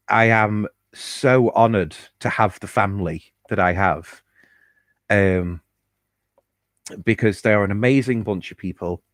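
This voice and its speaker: Candid low-voiced man. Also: dry recording. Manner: chatty and candid, with fillers and swearing. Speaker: podcast host. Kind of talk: casual personal storytelling.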